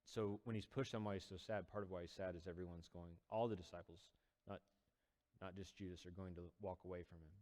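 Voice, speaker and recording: A man with a lowish voice retells an old story in a relaxed, chatty way, dropping fillers as he goes. His voice rings out with a long reverb, as in a large hall. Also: fairly quick. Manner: conversational, many fillers, acts out quoted lines. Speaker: teacher retelling a scripture story. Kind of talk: casual storytelling lesson.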